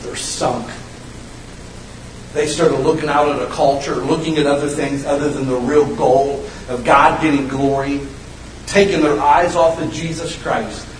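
A man preaching a sermon, swinging between loud, high bursts and low, hushed lines. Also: steady tone, unhurried, a little hiss or hum. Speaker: pastor. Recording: roomy echo, mic at a distance.

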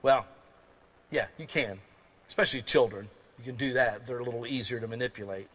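A man preaching a sermon as pastor in a folksy, conversational way, moving between quiet asides and loud emphasis. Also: mid-range voice, brisk.

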